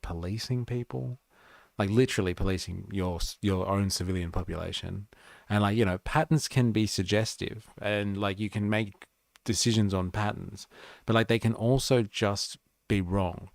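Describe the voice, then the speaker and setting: A man's voice: low-pitched, creaky, no echo, clean studio sound. A man with an Australian accent hosting a livestream, reading out an explainer and rambling through casual commentary with lots of filler words. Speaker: livestream host. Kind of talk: casual commentary while reading and reacting to a video.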